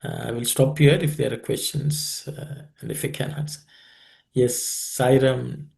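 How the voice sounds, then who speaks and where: A man leading a scripture study group on a video call, explaining and telling stories in an unhurried, thoughtful way with many pauses. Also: mid-range voice, fairly even intonation, gravelly, darkish tone.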